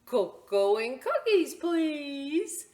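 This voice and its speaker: A gleeful little boy hopping about like a frog, as a woman storyteller puts him on. His voice jumps way up high and bright, bouncing from word to word with a lively, sing-song lilt, straight out of a picture book. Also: extremely slow, exaggerated voice. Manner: high, bouncy, playful child voice.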